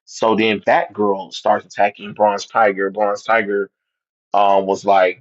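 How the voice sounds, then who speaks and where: A man casually recapping a comic book story, halting often with ums and restarts. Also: on the low side, flat delivery, muffled recording.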